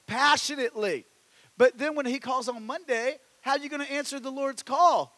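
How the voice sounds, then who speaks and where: High-voiced preacher in a reverberant hall. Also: male voice, moderate pace. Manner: animated, swings from loud to hushed, stammering restarts. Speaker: pastor. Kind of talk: sermon.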